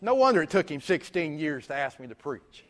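A male pastor tells a story from the pulpit, and his voice sits fairly high. He delivers it with lively energy and slips into the dialogue as he goes. His voice carries a long reverb through a large church sanctuary. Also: fairly quick. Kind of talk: storytelling sermon.

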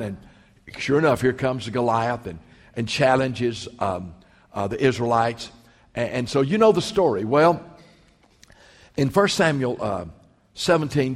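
A man preaching a sermon as pastor, emphatic, rising and dropping his voice for effect. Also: medium pitch. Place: church sanctuary. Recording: long hall reverb.

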